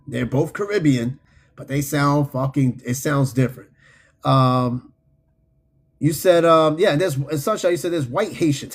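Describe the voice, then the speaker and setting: A man hosting a podcast, chatting casually and reading out listener comments in a loose, profane, animated way. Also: on the high side, breathy edge. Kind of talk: casual unscripted chat.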